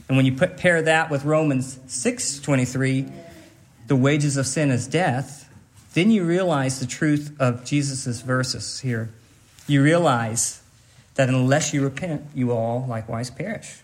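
A man preaching a sermon as pastor, earnest and emphatic, repeating key phrases to drive them home. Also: on the high side.

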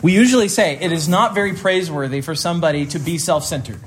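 A man preaching a sermon, teaching in a deliberate, emphatic way and slowing down on key phrases. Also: a little high, a little hiss or hum.

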